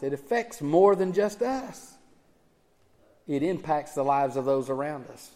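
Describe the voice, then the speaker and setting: High-voiced preacher in a reverberant hall. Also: male voice. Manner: emphatic, swings from loud urging to hushed low tones. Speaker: pastor. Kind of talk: sermon. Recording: church hall with long reverb.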